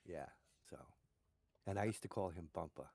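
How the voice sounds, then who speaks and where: A man's voice: sits low, normal speed, creaky, a little mellow, no echo. A middle-aged man chatting casually while gaming, telling rambling stories full of "you know". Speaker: gamer chatting on a stream. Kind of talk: casual chat.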